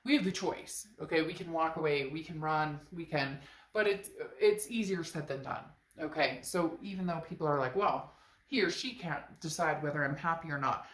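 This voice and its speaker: A woman's voice: low voice, moderate pace, a bit bright, roomy sound. A woman with a stuffed-up nose giving a chatty, emphatic tarot reading straight to her viewers. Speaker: tarot reader.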